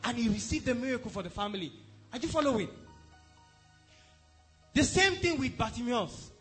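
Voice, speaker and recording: A man with a strikingly high voice preaches a sermon at a church service. He speaks emphatically and checks in with the congregation again and again. Soft music plays quietly behind him. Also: big pitch swings, normal speed. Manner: emphatic, repeatedly asks the congregation if they are following. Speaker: pastor.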